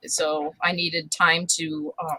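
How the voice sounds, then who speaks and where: A woman co-hosting a podcast in casual chat, talkative and full of ums and pauses. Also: sits low, flat delivery, sharp tone, no echo, rough recording. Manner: chatty, with many ums and hesitations. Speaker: podcast co-host.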